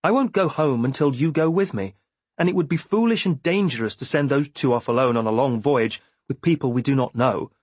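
A man's voice: medium pitch, fairly quick, breathy edge, dry recording, natural voice. A man voicing an earnest, loyal young man refusing to leave his friend in an audiobook.

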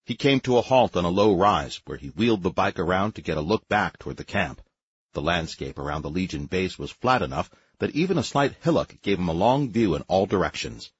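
A man narrating a sci-fi audiobook in a measured, wry storytelling manner. His voice is very deep and husky with a lively, swinging pitch. The recording is dry and dull, with a lo-fi sound. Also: no room sound. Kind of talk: scripted narration.

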